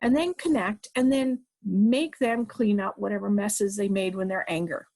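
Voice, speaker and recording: A woman's voice: medium pitch, normal speed, a little mellow. A middle-aged woman giving a parenting talk, emphatic and direct, using short repeated commands. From Canada. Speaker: parenting educator.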